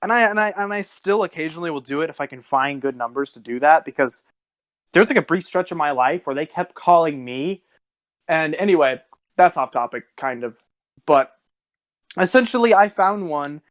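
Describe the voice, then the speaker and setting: A young man tells a long, rambling story on a casual podcast, stopping now and then to laugh at his own jokes. His voice sits a little high, and the recording is close and dry with no room sound. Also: expressive, normal speed, a bit bright, no room sound, low-quality recording. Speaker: podcast co-host.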